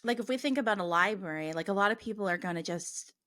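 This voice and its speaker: A chatty woman co-hosts a relaxed podcast conversation at a mid-range pitch. Her voice sounds dry and close, with no room around it. She talks loosely and sometimes reads text aloud. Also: fast, no echo. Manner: chatty, heavy use of "like", reads passages aloud. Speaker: podcast co-host and medium. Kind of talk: casual chat.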